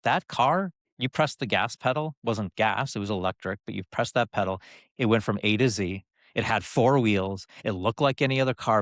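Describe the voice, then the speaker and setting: A man's voice: fairly low pitch, a bit bright, dry recording, studio quality. A middle-aged man, a former TV executive, talking casually as an interview guest and telling anecdotes that drive points home by repeating phrases. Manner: loose delivery with frequent fillers and restarts. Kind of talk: conversational storytelling.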